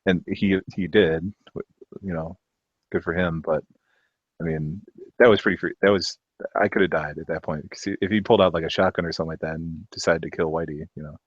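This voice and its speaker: A man's voice: low-pitched, fairly even intonation, fairly quick, breathy edge, no room sound. A man telling a personal story in casual chat, hesitant, with many restarts and offhand swearing. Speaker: discussion participant. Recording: dull, muffled mic.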